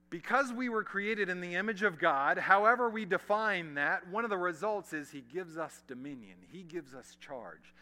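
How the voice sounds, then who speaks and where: A male pastor preaching a sermon to a large congregation, swinging from loud emphasis to hushed, almost whispered lines, with casual asides to the room. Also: high-pitched. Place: large church hall.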